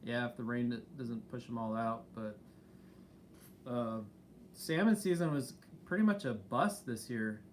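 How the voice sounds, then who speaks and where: A man's voice: mid-range voice, measured pace, slight background noise. A man co-hosting a casual live stream, talking in an easygoing, rambling way with many fillers. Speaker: channel co-host.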